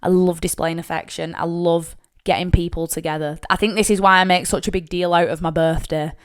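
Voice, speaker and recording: A woman's voice: lowish voice, brisk. A young woman with a Lancashire accent, hosting a podcast and telling personal stories in a candid, chatty way with casual swearing. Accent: Northern English, Lancashire. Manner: chatty and candid, swears freely, animated when acting out family. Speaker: podcast host. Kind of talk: personal storytelling monologue.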